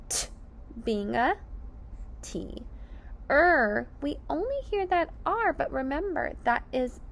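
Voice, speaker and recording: A woman teaching phonics to young children, sounding out each word slowly and clearly, syllable by syllable. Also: sits high. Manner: slow and over-enunciated, sounding out syllables. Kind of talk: slow, deliberate phonics lesson for children.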